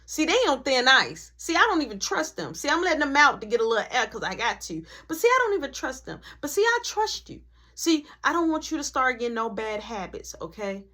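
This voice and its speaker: A woman's voice: high-pitched, big pitch swings, a little fast, bright, forceful tone, heavily acted. A woman doing a strict, scolding mother. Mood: lecturing. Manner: scolding, lecturing.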